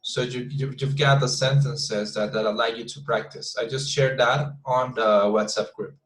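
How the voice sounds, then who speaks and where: A man's voice: mid-range voice, fairly even intonation, moderate pace, fairly bright tone, echoey room. A man teaching an online English class, explaining step by step with frequent restarts and checks on his students. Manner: explains with many restarts and "you see?" checks.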